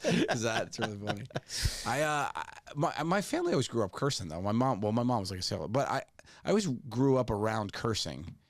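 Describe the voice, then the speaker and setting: A middle-aged man co-hosting a podcast, telling lively family stories in casual chat and laughing often. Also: mid-range voice, fast, no echo. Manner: animated storyteller, laughs often. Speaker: podcast co-host.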